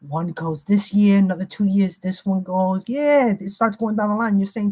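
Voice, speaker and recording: A woman's voice: mid-range voice, normal speed, hardly any pauses, dark tone. A woman giving an emphatic, repetitive spiritual reading in a slangy, casual way. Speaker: spiritual reader.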